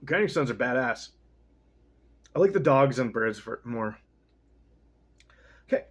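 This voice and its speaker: A young man reads a text aloud and keeps breaking off to comment on it, rambling and profane and often interrupting himself. His voice is husky and sits at a middle pitch, casual and unpolished throughout. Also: animated, unhurried. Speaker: reader.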